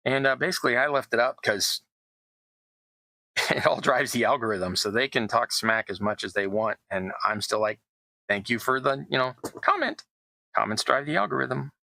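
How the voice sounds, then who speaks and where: Gravelly-voiced chatty hobbyist man. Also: medium pitch, normal speed, sharp tone, dry recording, rough recording. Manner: chatty, self-deprecating, rambling asides. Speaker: terrain crafting YouTuber. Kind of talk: casual crafting narration.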